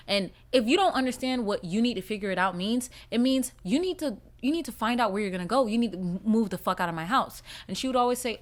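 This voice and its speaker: A woman hosts a casual story-time podcast. Her voice sits a little high, and she tells the story bluntly and profanely. Now and then she jumps into loud, animated outbursts. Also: fast talker, few pauses. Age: 20s. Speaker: podcast host.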